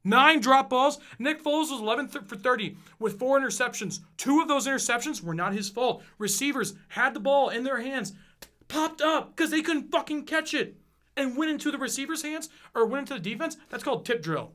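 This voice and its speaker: Fired-up, bright-voiced young man ranting. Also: very high-pitched, expressive, a little fast. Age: 20s. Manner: profane, fired-up, emphatic. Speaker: podcast host. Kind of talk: casual sports rant.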